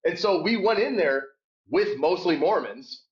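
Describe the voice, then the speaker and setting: A man telling a rambling, animated sports story in a casual podcast chat. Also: measured pace. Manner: animated, shouts quoted hecklers in a high voice. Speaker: podcast guest. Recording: dull lo-fi sound.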